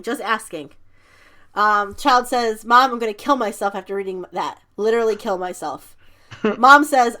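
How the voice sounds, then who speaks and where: A woman's voice: fairly high pitch, bright, forceful tone. A woman co-hosting a podcast, casually reading funny text messages aloud and giggling through them. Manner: giggly, reads quotes with playful emphasis. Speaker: podcast co-host.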